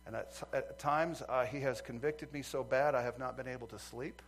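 A male preacher delivering a sermon, swinging from loud fervent outbursts to quiet earnest asides. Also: medium pitch, steady tone, normal speed, slight background noise.

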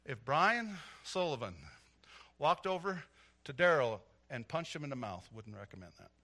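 A middle-aged man preaching a sermon, telling stories with animated energy that swells into loud, emphatic preaching. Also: on the high side, moderate pace. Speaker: pastor.

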